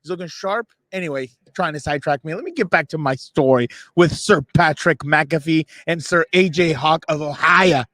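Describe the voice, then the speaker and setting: A man with a high voice tells a rambling, animated story on a sports show. He mocks himself and acts out what the others said. The sound is dry and close, with no room echo. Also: moderate pace, hardly any pauses. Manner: animated, self-mocking, voices others in quotes. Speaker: podcast co-host. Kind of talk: excited storytelling. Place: radio row event booth.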